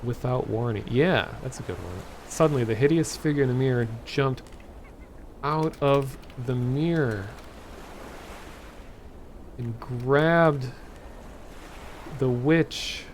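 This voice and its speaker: A man reads a story aloud very slowly, stopping and correcting himself mid-sentence. His voice sits in a middle register. There is faint ambient hiss behind him. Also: medium pitch. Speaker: streamer. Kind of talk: reading an AI-generated story aloud live.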